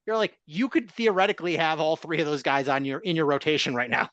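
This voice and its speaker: A man's voice: a little high, fast talker, a bit bright, dry recording, muffled recording. A man hosting a sports podcast in casual chat, joking and chuckling. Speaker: podcast host.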